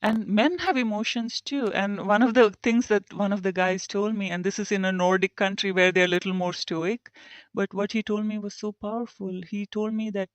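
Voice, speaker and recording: A woman's voice: mid-range voice, fairly even intonation, moderate pace, dry recording. A woman engineer speaks as a podcast guest, reflective and candid. She brings her stories to life by acting out what others said to her. The recording is dry and a touch muffled. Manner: reflective, tells stories and acts out quoted remarks. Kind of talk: conversational interview.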